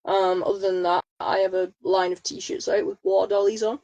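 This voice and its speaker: A woman's voice: mid-range voice, level tone, normal speed, a little mellow, muffled recording. A woman guest chatting casually on a podcast, hesitant with many fillers, getting over a cold. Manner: hesitant, lots of ums. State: has a cold. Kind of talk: casual chat.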